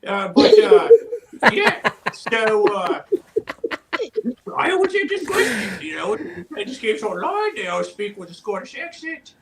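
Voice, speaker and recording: A tall, easygoing goblin with a trace of ogre blood talks in a strikingly high voice that leaps up and down. He rambles along, full of "uh" and "you know." It is an in-character livestream interview over a video call. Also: sing-song, a little slow, crowd noise, full character voice. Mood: puzzled.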